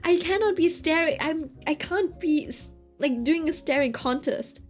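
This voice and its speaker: Woman streamer, lively storyteller, fairly high voice, faint music behind. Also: normal speed. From Britain. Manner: chatty, animated, keeps checking in with listeners. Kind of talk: casual storytelling chat.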